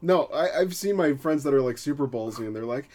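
A woman co-hosting a podcast in casual chat, giggly and quick to jump in with reactions. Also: very deep voice, animated, crowd noise. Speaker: podcast co-host.

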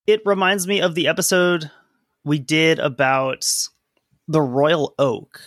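A man with a higher, bright and forceful voice chimes in on a podcast with chatty, joking comments. His sound is close and dry, with no room around it. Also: fairly even intonation, takes it slowly, dry recording. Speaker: podcast co-host. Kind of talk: casual podcast chat.

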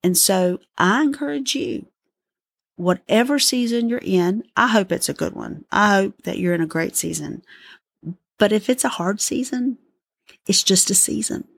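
A middle-aged woman offers a heartfelt devotional talk to her podcast listeners, earnest and gently pleading. Her voice carries a gravelly edge at a middling pitch. The sound is close and dry, with no room around it. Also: expressive, a little slow, no echo. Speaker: podcast host.

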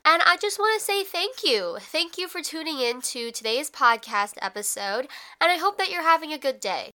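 Bright-voiced young woman podcast host. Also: sits high, big pitch swings, normal speed. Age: young adult. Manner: chatty, filler-heavy, reflective. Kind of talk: casual solo podcast talk.

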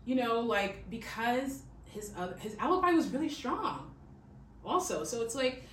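A woman with a slightly high, expressive voice and a measured pace hosts a podcast, telling a true-crime story chattily with plenty of "like" and "okay?". Faint hiss and a distant mic in an echoey room shape the sound.

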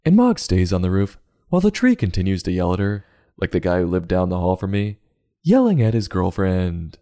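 A deep, gravelly-voiced man who hosts a comedic children's book review podcast. His sarcastic, jokey delivery swings widely in pitch. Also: sing-song, brisk, warm tone.

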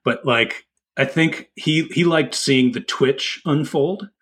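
Husky man telling a casual story. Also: medium pitch, slow. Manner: relaxed storytelling, many fillers. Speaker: podcast co-host. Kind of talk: casual chat.

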